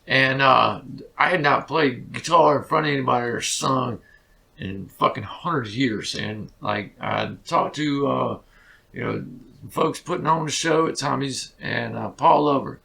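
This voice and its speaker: A man's voice: mid-range voice, measured pace, vocal fry, pushed and bright. A man, a musician guest telling rambling stories in a casual interview, full of swearing and fillers.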